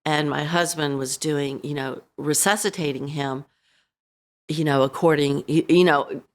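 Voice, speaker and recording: A middle-aged woman, a podcast guest, telling a painful personal story in a halting way, full of "you know" and re-enacted lines. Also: low voice. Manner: halting, full of you-knows, re-enacting her own words.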